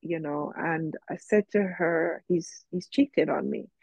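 A woman's voice: low voice, slow, creaky, a little mellow, slightly rough, no echo. A woman guest in an interview, telling a personal story in a reflective way, with many fillers, and quoting herself and others.

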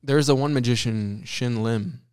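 A young man co-hosts a casual podcast recorded in a room at his school. He talks in a loose, joking way and slips into goofy voices. His pitch sits in the middle range. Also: unhurried, a little mellow, smooth. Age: young adult. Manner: joking, puts on silly voices for quotes. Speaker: podcast co-host. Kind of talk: casual chat.

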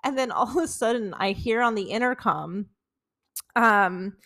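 A woman's voice: medium pitch, measured pace, fairly bright tone. A woman in her twenties co-hosting a podcast, telling embarrassing stories in casual chat, full of "like" and laughter. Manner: chatty, many "like"s, laughing while telling stories. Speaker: podcast co-host.

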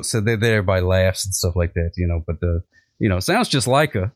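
A man's voice: low voice, expressive, fast, dry recording, studio quality. A man chatting in a rambling comedic style, full of fillers. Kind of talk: comedic casual chat.

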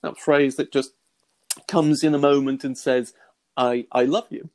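With a mid-range voice and an unhurried delivery, this middle-aged man teaches Christian material earnestly and conversationally. He dramatizes quoted thoughts with lively exclamations and frequently starts his sentences over.

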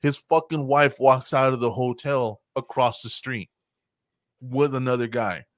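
A man chatting casually and telling a profane, animated story, acting out loud quotes. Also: medium pitch, measured pace, no echo, studio quality. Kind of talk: casual chat.

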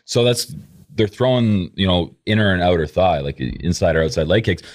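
A man's voice: deep voice, expressive, moderate pace. A man co-hosting a podcast, explaining fighting technique at length in casual chat and filling his talk with "like". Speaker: podcast co-host.

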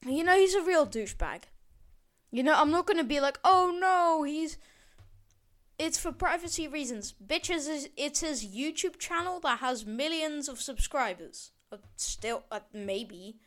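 High-voiced rambling teen girl podcaster. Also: animated, normal speed. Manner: rambling, sarcastic, swears and backtracks often. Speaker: podcast host. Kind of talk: casual solo podcast rant.

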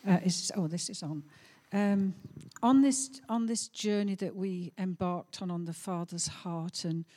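A woman's voice: mid-range voice, darkish tone. A middle-aged woman telling a heartfelt testimony story during a sermon, with some hesitations. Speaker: pastor's wife.

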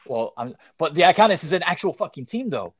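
A young man co-hosting a casual wrestling podcast, excitable and profane, ranting his opinions. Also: on the high side, fast, slightly rough, no room sound, muffled recording. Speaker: podcast co-host.

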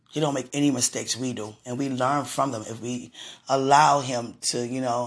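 A woman's voice: very deep voice, breathy edge. A woman hosting a podcast, telling personal stories in a chatty way, laughing often and speaking about her faith. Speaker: podcast host. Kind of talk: casual personal storytelling.

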